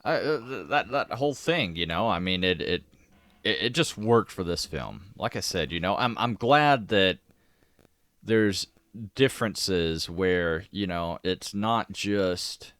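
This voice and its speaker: A man co-hosting a podcast, chatting casually about a movie in a halting way, full of restarts. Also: low-pitched, expressive, fairly bright tone, clear, resonant tone, no room sound. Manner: halting, many restarts and fillers. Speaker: podcast co-host.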